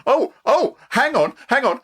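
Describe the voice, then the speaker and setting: A man's voice: very high-pitched, unhurried, husky. A man hosting a podcast in casual, jokey chat. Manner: jokey, playful, animated. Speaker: podcast host.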